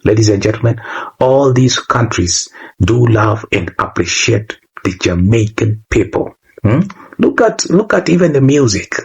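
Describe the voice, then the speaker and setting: Husky Kenyan man preaching unity. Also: fairly low pitch, expressive, a little slow, a little mellow, dull audio. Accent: Kenyan English. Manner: preachy, repeats phrases and asks "huh?". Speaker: YouTuber. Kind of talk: casual monologue to camera.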